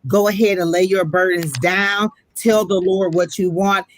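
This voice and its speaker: A woman's voice: mid-range voice, steady tone, normal speed. A woman giving a live psychic reading, preaching emphatically and calling the listener honey, emotional and close to tears. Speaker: psychic reader.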